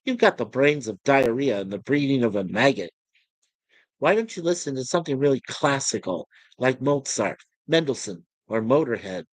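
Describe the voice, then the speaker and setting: A man's voice: mid-range voice, sing-song, normal speed, no echo, voice pushed down, low-quality recording. A man voicing a pompous, snobbish male officer who lords it over his shipmate, with a prissy, superior tone and lofty insults. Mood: scornful.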